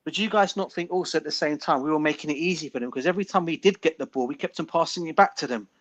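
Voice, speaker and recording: A man's voice: on the high side, fairly bright tone. A man on a fan panel making a point with lots of fillers and questions. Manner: quick, filler-heavy, questioning. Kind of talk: casual fan commentary.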